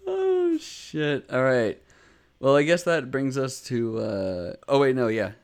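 Animated man recapping with put-on voices. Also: medium pitch, slow. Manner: animated, swearing, acts out characters' lines in raised voices. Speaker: podcast co-host. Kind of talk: casual chat recapping an anime.

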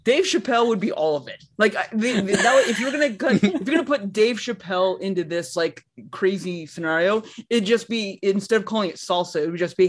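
A man co-hosting a podcast, riffing jokes in an excitable, casual comedic banter. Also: high-pitched, brisk, few pauses. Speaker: podcast co-host.

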